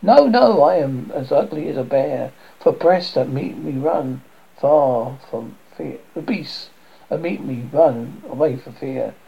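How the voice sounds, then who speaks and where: A man reading the lines of a pleading, lovesick young woman in a halting way, on a dull lo-fi recording. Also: medium pitch, gravelly, husky. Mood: forlorn.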